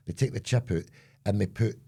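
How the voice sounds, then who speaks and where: A man's voice: on the low side, brisk, dark tone, slightly rough. An older Scottish man co-hosting a casual podcast chat, joking and swearing as he tells stories. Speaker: co-host.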